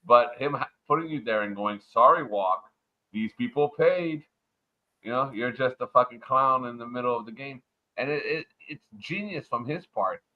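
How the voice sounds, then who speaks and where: A man from Montreal ranting crudely and loudly in a casual livestream chat. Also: medium pitch, brisk. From Montreal, Canada. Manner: loud, profane, swaggering rant. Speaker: livestream panel guest. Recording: muffled lo-fi online audio.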